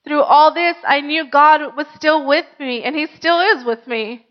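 Woman pastor, high voice, earnest conversational testimony, slightly muffled recording. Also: measured pace. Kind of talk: personal testimony sermon.

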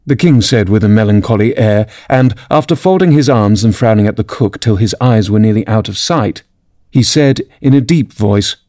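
A man narrating a classic storybook aloud in scripted, expressive storytelling. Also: fairly low pitch, normal speed, no echo, clean studio sound. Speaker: audiobook narrator.

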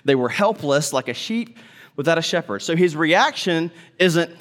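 Male pastor, high voice, animated sermon delivery with acted-out quotes and hushed tender moments. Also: moderate pace. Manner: animated, acts out quoted voices, drops to soft tender tones.

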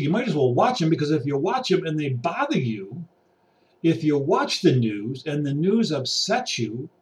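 Pacing an indoor room, a vlogger delivers an exasperated, preachy ranting monologue to camera. His higher, darkish voice sounds a little distant from the mic as he drops into mutters and then climbs into raised, pointed outbursts.

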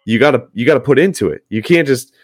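A man's voice: mid-range voice, animated, fast talker, slightly rough, dry recording, studio quality. A man, a firefighter, talking earnestly and encouragingly in a casual podcast chat, with frequent restarts.

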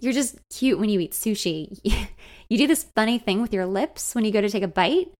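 A woman voicing a young man, an old friend who teases softly and sounds a little nervous. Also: mid-range voice, expressive, normal speed, close to an everyday voice. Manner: soft, teasing, a bit nervous.

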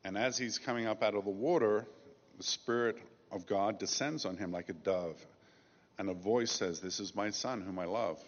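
A lower-pitched man delivering a sermon in a measured, emphatic way, leaning on key phrases. The sound is dull and lo-fi, with a long reverb trailing each line. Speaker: pastor.

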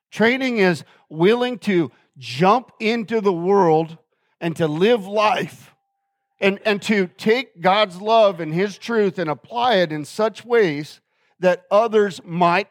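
Earnest high-voiced male pastor, dry sound. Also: slow pace, no echo. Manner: earnest, conversational preaching with frequent "right?" asides. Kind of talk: sermon.

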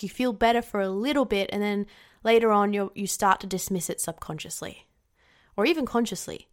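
A young woman delivers a motivational talk in a slightly higher voice. She is blunt and swears freely, and she acts out the nervous inner thoughts of her listeners. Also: fairly bright tone. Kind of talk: direct-to-camera motivational talk.

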